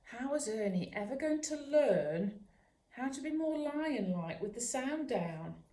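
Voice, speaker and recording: Woman reading a kids bedtime story real slowly, soft and soothing, echoey room. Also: high voice, lively intonation. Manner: gentle, soothing, sometimes drops to a whisper. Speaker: children's author and dog trainer. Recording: roomy echo.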